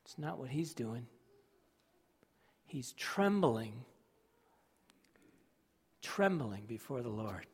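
Male preacher, slow and dramatic, dropping soft then rising loud, recorded in an echoing hall. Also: medium pitch, very animated, slightly rough. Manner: dramatic, swings from hushed to loud. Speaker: pastor. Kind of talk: sermon. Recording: long reverb of a large hall.

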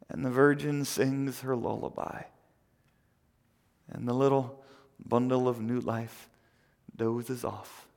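A male pastor giving a conversational sermon who swings between loud emphasis and near whispers, often repeating words, in a church. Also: medium pitch, little pitch movement, takes it slowly, vocal fry, long pauses, big-room sound.

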